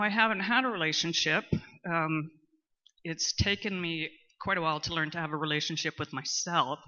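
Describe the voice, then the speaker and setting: A middle-aged woman, speaking candidly in a personal testimony at a recovery meeting, talkative and at times loud and boisterous. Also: low voice, steady tone, normal speed. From Canada. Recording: muffled lo-fi recording.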